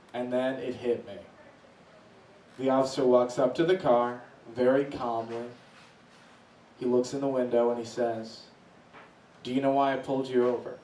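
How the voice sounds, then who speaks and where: Animated stand-up comedian, echoey room. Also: male voice, far from the mic. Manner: animated, voices swing high when acting out reactions. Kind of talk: stand-up storytelling.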